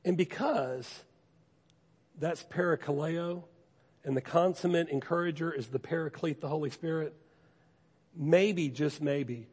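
Male pastor, earnest conversational sermon delivery, voice a touch high, recorded with long reverb in a large hall. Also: measured pace, pauses often, a little mellow, slightly rough. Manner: earnest, conversational exhortation with repeated phrases.

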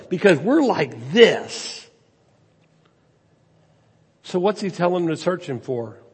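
A man's voice: high-pitched, big pitch swings, moderate pace, a little mellow, breathy edge. A man preaching a sermon as a pastor, with rhetorical questions and emphasis that rises and falls. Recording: long hall reverb.

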